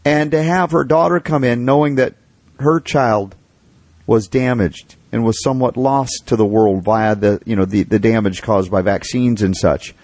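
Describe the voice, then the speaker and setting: A man's voice: mid-range voice, steady tone, moderate pace, darkish tone, no room sound. A man hosting a radio talk show, speaking with emphatic enthusiasm. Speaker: radio host.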